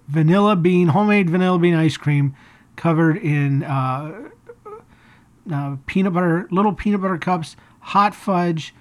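A woman's voice: sits low, a little mellow. A woman hosting a family podcast, telling stories in a rambling, chuckling way. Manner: rambling, chuckling storyteller with restarts. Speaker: podcast host. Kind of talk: casual family podcast chat and storytelling.

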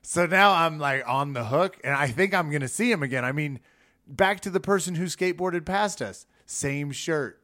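A male podcast co-host with a fairly high voice speaks at normal speed in casual chat. He's an animated storyteller who laughs often and acts out the quotes he relays.

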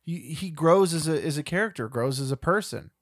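A man's voice: a little high, brisk, no room sound, clean studio sound. A man co-hosting a podcast in casual chat, giving emphatic, blunt opinions and swearing casually. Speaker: podcast co-host.

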